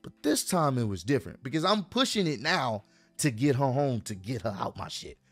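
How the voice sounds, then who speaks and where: A man's voice: medium pitch, a little fast, dry recording, soft background music. Slangy young man telling a story. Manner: slangy, animated, talks straight to viewers. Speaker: vlogger telling a personal story. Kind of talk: casual storytime monologue.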